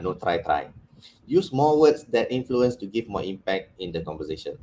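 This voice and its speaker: A man's voice: deep voice, sing-song, normal speed, dark tone, slight background noise, rough recording. A middle-aged man with a Malaysian English accent gives an online workshop on communication, teasing his listeners and stressing key words. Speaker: communication trainer.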